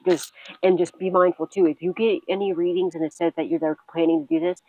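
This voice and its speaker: Addressing viewers directly, this tarot reader is blunt and profane, laughing a lot and reassuring the listener again and again as she works through a reading. She talks fast in a lowish, a little mellow voice with fairly even intonation. The recording is rough, with slight background noise.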